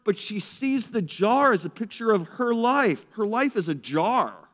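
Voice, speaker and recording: A man preaching a sermon, his voice sitting a little high for a man. He swings between loud, excited bits where he acts out people and soft, hushed passages as he turns to prayer. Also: measured pace. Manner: animated, acts out characters in raised voice, drops to hushed prayer. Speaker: pastor. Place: church service.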